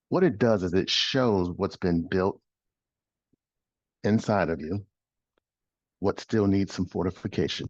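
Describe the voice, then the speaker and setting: A man's voice: sits low, darkish tone, slightly rough, no room sound, muffled recording. A middle-aged man hosting a motivational talk as a life coach, emphatic and repetitive, posing rhetorical questions. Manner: emphatic, repeats phrases, poses rhetorical questions. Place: studio.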